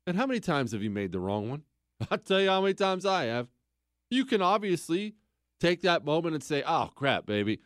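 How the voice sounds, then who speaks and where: A middle-aged man hosting a talk radio show, reading listener mail and ranting emphatically, jumping from loud exclamations to low mutters. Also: very animated, brisk, no echo, studio quality.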